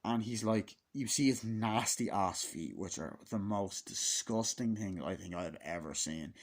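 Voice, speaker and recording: In a somewhat slow, lowish voice, a man rambles through an unscripted movie review. It's a casual spoken take, packed with swearing and filler words.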